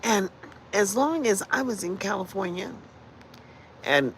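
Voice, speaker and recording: Gravelly, blunt woman in her sixties. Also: medium pitch, a little slow, a little hiss or hum, low-quality recording. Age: 60s. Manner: blunt, profane, rambling. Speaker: livestream host. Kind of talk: casual livestream rant. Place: in Las Vegas.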